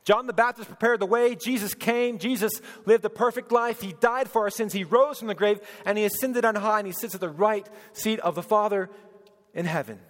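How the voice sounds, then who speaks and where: High-voiced preacher in a reverberant hall. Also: male voice, a little fast. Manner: swings from loud proclaiming to hushed, tender speech. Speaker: pastor. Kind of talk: sermon.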